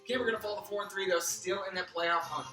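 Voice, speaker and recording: A man's voice: high voice, fairly even intonation, fast talker. A man hosting a mock sports-analyst fantasy football preview. He rambles off into pun tangents while losing his voice. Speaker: fantasy football league host. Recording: roomy, distant mic with music behind.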